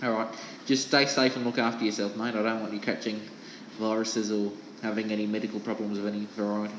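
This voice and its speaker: An Australian man talking earnestly and haltingly on an amateur radio net. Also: on the low side, level tone, slight background noise. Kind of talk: casual amateur radio chat. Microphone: ham radio transceiver mic. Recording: echoey radio transmission.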